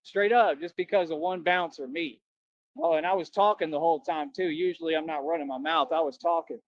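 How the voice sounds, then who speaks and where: Boastful man ranting, higher voice. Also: a little fast. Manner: boastful, slangy, combative. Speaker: former nightclub bouncer. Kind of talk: rambling livestream rant. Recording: dull lo-fi dry stream audio.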